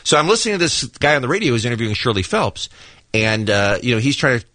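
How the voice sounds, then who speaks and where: A man's voice: mid-range voice, expressive, quick pace, sharp tone, no echo. A man co-hosting a morning radio talk show, telling a story in a chatty way with many fillers, in a studio. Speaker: radio co-host. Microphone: studio microphone.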